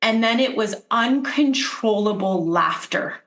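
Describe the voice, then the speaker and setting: Animated woman telling stories, roomy sound. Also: on the high side, measured pace. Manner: animated storytelling, acts out quotes. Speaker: podcast guest, intuitive healer. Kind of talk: casual conversation.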